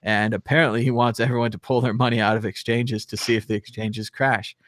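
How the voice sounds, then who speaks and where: A man's voice: medium pitch, little pitch movement, a little fast, fairly bright tone, no echo, studio quality. A man hosting a live call-in show, chatting casually, joking and laughing between rambling remarks. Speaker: show host.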